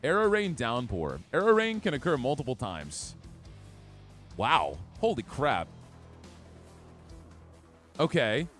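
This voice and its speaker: A man's voice: mid-range voice, wildly swooping pitch, slow, long pauses, a bit bright, faint music behind. A man live-streaming a video game, chatting with his viewers and reacting to play. He talks in a chatty way, reads chat aloud, laughs often and has hiccups. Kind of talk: live gameplay commentary.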